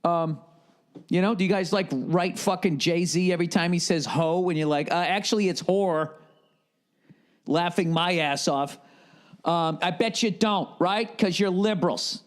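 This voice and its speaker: A man's voice: high-pitched, moderate pace. A man ranting sarcastically and profanely in a comedic podcast monologue, firing off mocking, incredulous questions. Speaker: podcast host.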